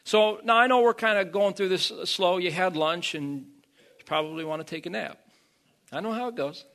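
High-pitched guy preaching, trips over his words, gets loud and fired up on the big lines. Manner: halting, repeats words, builds to loud emphatic peaks. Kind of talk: sermon.

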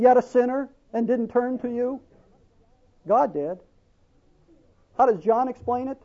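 A man's voice: very high-pitched, measured pace, pauses often, dull audio. A male pastor preaching a sermon, asking the congregation questions and drawing out scripture quotes for emphasis.

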